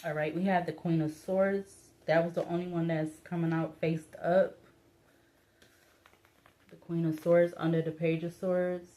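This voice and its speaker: A woman's voice: on the low side, flat delivery, unhurried, dark tone. A woman reading tarot cards in a casual, musing way, hesitating often with fillers and restarts, her voice breaking up a little. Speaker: tarot reader.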